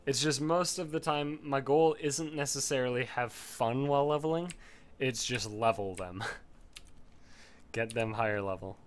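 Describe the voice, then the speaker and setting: A man's voice: medium pitch, measured pace, slight background noise. A man giving casual, rambling gameplay commentary while leveling a character, swearing freely and laughing often.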